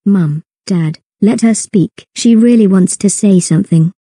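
A woman's voice: mid-range voice, measured pace, warm tone, breathy edge, no echo. Woman voicing a kind cartoon big sister. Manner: kind, encouraging.

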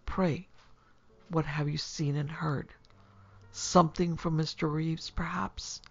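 A woman's voice: sits low, fairly even intonation, slow pace, exaggerated voice. A woman voicing a cold, strong-willed young lady who speaks in a hard, scornful way. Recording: dull lo-fi recording.

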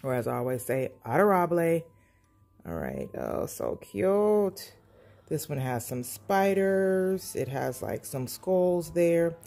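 A woman's voice: sits low, sing-song, slow pace, creaky, dark tone, soft background music. A woman gushing through a casual sticker book review for her planner channel at home. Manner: gushing, enthusiastic, repeats praise. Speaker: planner vlogger.

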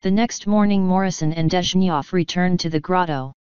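A woman with a low-pitched, very smooth voice reads an audiobook in a steady, even manner. The sound is dry and close, with a slightly dull, lo-fi tone. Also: normal speed, dry recording. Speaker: audiobook narrator. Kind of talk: scripted audiobook narration.

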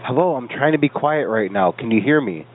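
A man's voice: mid-range voice, lively intonation, fairly quick, a little hiss or hum. A man making a prank call, insisting and swearing at the person on the other end. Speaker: prank caller. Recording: phone-like narrow sound.

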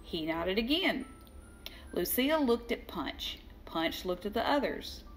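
An older woman reading a children's storybook aloud, slow and expressive, giving the characters their own voices. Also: mid-range voice, soft background music. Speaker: children's book reader.

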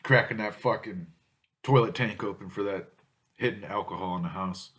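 A man's voice: on the low side, moderate pace, a bit bright, husky. A man vlogging about drinking malt liquor, ranting angrily at viewers with constant swearing. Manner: angry, foul-mouthed, insulting. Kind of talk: profane ranting vlog.

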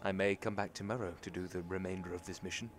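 A man's voice: sits low, fairly even intonation, quick pace, a little hiss or hum. A young British man from England chatting casually and mocking himself as he plays through a video game. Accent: British English. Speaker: gaming YouTuber. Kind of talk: casual let's-play commentary. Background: game music.

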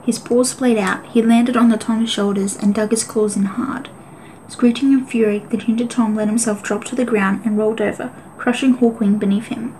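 A woman reading a children's animal adventure novel aloud as an audiobook, in a steady, even voice. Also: on the high side, normal speed, slight background noise, rough recording. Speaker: audiobook reader. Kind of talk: audiobook narration.

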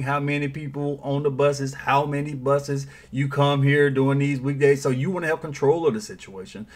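A man giving opinionated news commentary in a vlog, sarcastic and mocking, with frequent chuckles. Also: mid-range voice. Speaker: political commentary vlogger.

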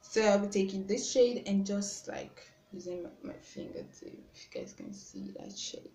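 A young woman with a Nigerian accent chatting through a makeup tutorial at home, self-conscious and often trailing off softly. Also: medium pitch, moderate pace. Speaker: beauty vlogger. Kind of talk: casual makeup tutorial chat. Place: room at home. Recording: roomy with faint background noise.

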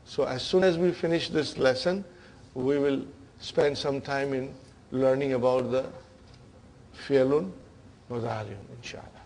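In this classroom lecture, a man covers Arabic grammar, using English to explain terms and calling the class brothers and sisters while checking in with "okay?" and "huh?" He speaks at medium pitch with fairly even intonation, unhurried, a little mellow, and pauses often.

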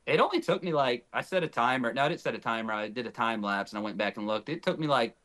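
Young man from north Texas, podcast guest; animated storyteller who acts out the voices of others, mid-pitched. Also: fast talker. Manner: animated, acts out quoted dialogue. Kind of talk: casual storytelling.

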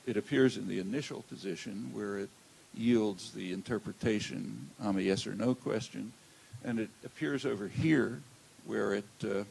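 Older male lecturer, low creaky voice, halting delivery, faint hiss. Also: darkish tone, rough recording. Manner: measured, halting, many "uh" fillers. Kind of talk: academic lecture. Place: lecture hall. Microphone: handheld or lectern mic.

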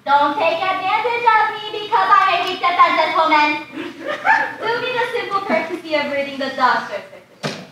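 A teenage girl playing a hysterical, pushy middle-aged woman petitioner in a high school stage play, shrill and wailing. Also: sing-song, fairly quick, bright, forceful tone, full character voice. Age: teens. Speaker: student actor. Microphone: distant room mic. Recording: echoey hall from far off, hiss.

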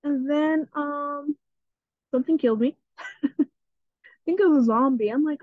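A woman's voice: high voice, moderate pace, long pauses, no room sound. A woman chatting casually through her gameplay as a channel host, easily spooked and often repeating herself. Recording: tinny phone-like sound.

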